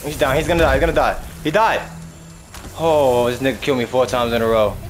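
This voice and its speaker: A man's voice: medium pitch, steady tone, fast talker, music in the background. A young man giving casual gameplay commentary, exclaiming and swearing in frustration as he keeps losing. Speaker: gaming streamer.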